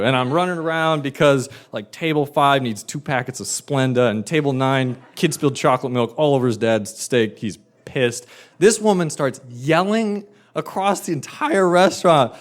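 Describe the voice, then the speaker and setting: A man telling a funny personal story live, animated and wry, building comic tension. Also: fairly high pitch, normal speed.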